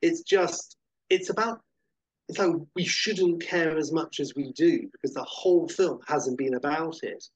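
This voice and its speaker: A man co-hosting a podcast, chatting casually and eagerly about films, retelling scenes with animated enthusiasm. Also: on the high side, a little slow, breathy edge, no room sound, rough recording. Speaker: podcast co-host. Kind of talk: casual film chat.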